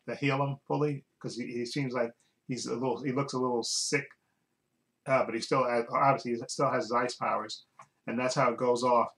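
A man's voice: medium pitch, fairly bright tone, rough recording. A man casually recapping a TV episode as a reviewer, rambling and often restarting while he searches for words.

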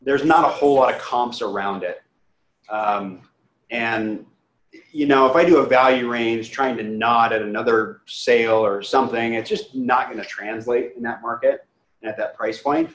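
A man's voice: mid-range voice, moderate pace, fairly bright tone. A man who is a real estate agent, giving a casual training talk and acting out both sides of client conversations. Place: training room. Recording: echoey room.

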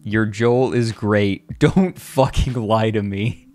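A man streaming a comedic dramatic reading, deadpan and slow, with laughing asides. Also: on the low side, faint music behind. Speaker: streamer reading a fanfic aloud.

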